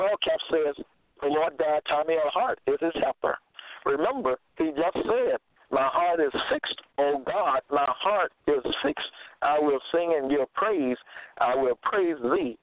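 A man's voice: medium pitch, dry recording. A man giving a sermon, reading and explaining verses, emphatic and repeating himself. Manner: emphatic, repeats phrases, spells out words. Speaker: preacher. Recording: tinny phone-line sound.

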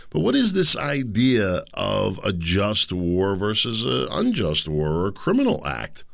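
His voice is fairly low with wildly swooping pitch, a slightly slow pace, vocal fry, and a bit of brightness, captured at studio quality with no room sound. He hosts a show and delivers rambling, opinionated solo commentary, conversational in tone, often tripping over words, restarting, and directly questioning his listeners.

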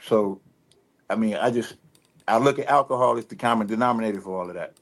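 A man with a Detroit accent, guest on a radio interview, talking in a relaxed, rambling way full of fillers and restarts. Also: lowish voice, fast talker. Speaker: rapper guest. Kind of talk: casual interview talk.

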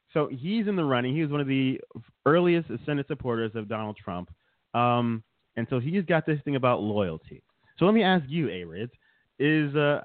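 Here a male podcast co-host with a mid-range voice jokes around on a relaxed comedy chat show, rambling and ribbing his partner between frequent chuckles. It's a dry recording with a tinny, phone-like quality.

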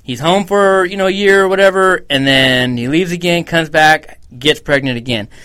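A man's voice: a little high, normal speed, bright, forceful tone, clean tone. A man co-hosting a podcast, telling stories in a blunt, profane, casual way. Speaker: podcast co-host.

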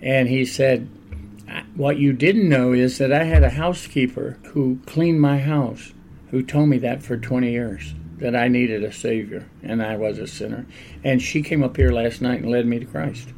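An older man, a pastor, telling stories in a relaxed, conversational interview and laughing often along the way. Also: mid-range voice, moderate pace, slight background noise. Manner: animated anecdotal storyteller, laughs often.

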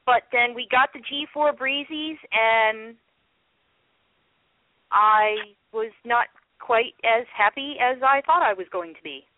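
A woman's voice: on the high side, slow pace, no echo. Upbeat woman on a tinny line. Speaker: podcast co-host. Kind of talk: casual chat. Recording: tinny phone-line call, dry.

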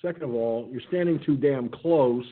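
The speaker is a middle-aged man at medium pitch and normal speed, hosting an online radio talk show. He tells a funny story casually and with animation, voicing the other people as he quotes them, all over a tinny, phone-like recording.

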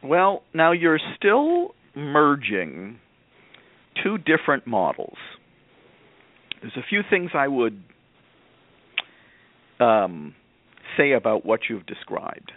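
A calm man hosts a call-in advice show, his voice narrow and phone-like. He explains things patiently and in a measured way, with a dry, close sound. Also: mid-range voice, dry recording. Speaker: radio show host, parenting expert.

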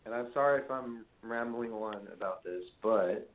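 A man's voice: on the low side, moderate pace. A man from Brooklyn with a New York accent, hosting a casual call-in interview and telling rambling, profanity-laced stories. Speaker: podcast host. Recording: tinny phone-line sound, faint noise.

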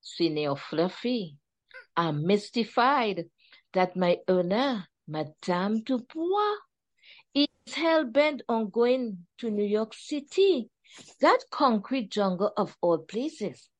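A woman with a Trinidadian accent reading aloud from her book in the voice of a pampered, aristocratic male house cat, slow and grand. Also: mid-range voice, big pitch swings, voice pushed up. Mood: haughty.

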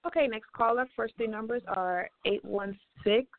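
A woman co-host announces callers in a brisk, matter-of-fact way. Her mid-pitched voice sounds thin and phone-like, dry and close. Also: no room sound. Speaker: radio co-host screening calls. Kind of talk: call-in radio announcing.

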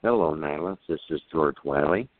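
A man calling in to read his poem on the radio, halting and hesitant in speech, over a tinny phone line. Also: very deep voice, lively intonation. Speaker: caller reading a poem. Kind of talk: casual chat then poetry reading.

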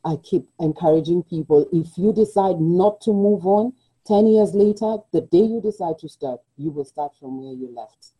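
A woman pastor telling her own story as an interview guest, lively and quick to act out quotes. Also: fairly low pitch, breathy edge, rough recording. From Kenya. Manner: animated storyteller, acts out quotes, laughs often. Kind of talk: personal testimony in conversation.

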